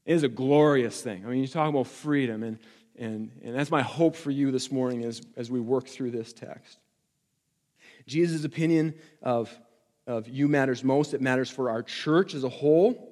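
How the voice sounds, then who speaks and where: A man preaching a sermon to his church, building to emphatic repeated lines and dropping back to quiet reflection. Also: medium pitch, normal speed, in a large hall. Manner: impassioned preaching with rising emphatic repetition. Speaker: pastor.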